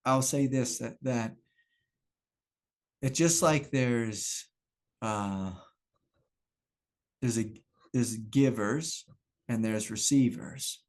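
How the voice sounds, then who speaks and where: Candid, laughing spiritual teacher. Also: male voice, medium pitch, very slow, pauses often. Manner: candid, self-reflective, laughs often, repeats phrases. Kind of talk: satsang talk. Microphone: video call.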